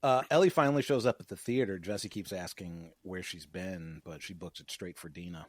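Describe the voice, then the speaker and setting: A man's voice: low voice, brisk, dry recording. A man co-hosting a podcast, recapping an episode in casual chat with wry, teasing remarks. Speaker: podcast co-host.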